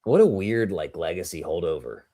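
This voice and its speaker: A man's voice: low-pitched, sing-song, normal speed, warm tone. A man co-hosting a live tennis watchalong, mixing jokey asides with casual play-by-play. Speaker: watchalong co-host and commentator.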